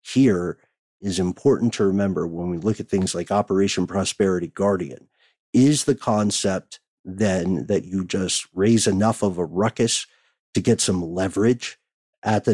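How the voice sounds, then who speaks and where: Low-pitched guy reading listener mail on a podcast, dry close mic, laughs a lot. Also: darkish tone, no room sound. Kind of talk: casual chat, reading letters aloud.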